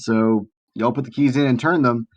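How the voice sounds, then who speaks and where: A man narrating a tabletop game as game master in a casual, halting way with fillers. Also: medium pitch, steady tone.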